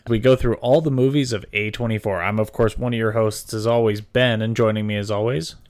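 A man's voice: fairly low pitch, steady tone, a little fast, a little mellow. A man co-hosting a casual movie podcast, joking and teasing his co-host in playful banter. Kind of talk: casual chat.

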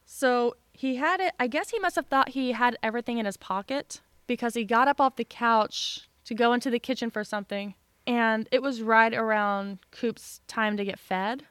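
Chatty woman with a crisp close voice. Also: fairly high pitch, moderate pace, no room sound. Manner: animated, laughs through her own story. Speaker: podcast co-host. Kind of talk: casual storytelling chat.

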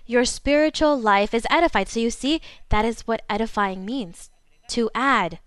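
A woman preaching a sermon to her congregation in a fervent way, slowing down for emphasis. Her first language is Spanish. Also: a little high, fairly bright tone, smooth, no echo. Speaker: pastor.

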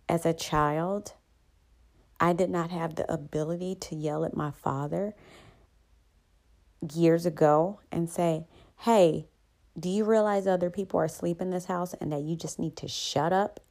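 Woman, self-help talk host, low pitch, gravelly fry, soothing, conversational. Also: a little mellow. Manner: soothing, unhurried, conversational with "right?" asides.

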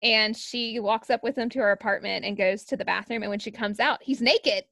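Gravelly-voiced woman telling a story. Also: medium pitch, brisk, dry recording. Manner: animated storyteller, laughs often. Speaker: podcast co-host. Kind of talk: casual storytelling chat.

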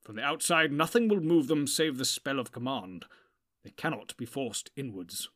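Stern commanding old wizard, testy, proud, storybook reading, as a man reads him, mid-pitched. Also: normal speed, fairly bright tone, lightly acted.

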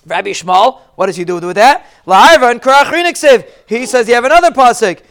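A man's voice: very high voice, expressive, fairly quick, a bit bright, smooth. A man teaching a Talmud lesson, explaining each Hebrew phrase in plain English.

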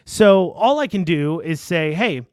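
A man with a high voice rants in a casual online commentary, rambling, restarting sentences and dropping sarcastic asides. He sounds close to a desk mic, with dry sound and no room echo. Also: normal speed, fairly bright tone. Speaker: political commentator.

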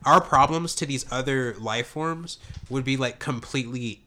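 A man's voice: mid-range voice, moderate pace, pushed and bright. A young man guesting on a casual podcast, rambling with lots of fillers and swearing. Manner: rambling, filler-heavy, swears, laughs easily. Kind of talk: casual chat.

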